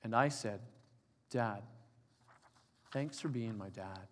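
A man in his forties preaching a sermon, telling an emotional personal story and dropping to soft, quiet tones for emphasis. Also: fairly low pitch, slow pace, slight background noise. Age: 40s. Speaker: pastor. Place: church hall. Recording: reverberant church hall.

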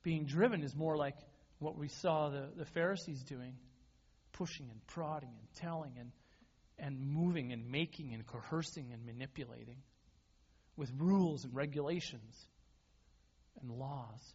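A man's voice: medium pitch, measured pace, a little mellow, breathy edge. A man preaching a sermon as a pastor, conversational and self-deprecating, often restarting his words. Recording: dull lo-fi sound.

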